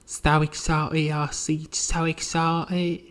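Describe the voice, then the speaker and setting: A man voicing a fussy, prim old housekeeper woman in a shrill falsetto with a put-on British accent, gushing and flustered. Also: monotone, takes it slowly, fairly bright tone, clear, resonant tone. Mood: fussing.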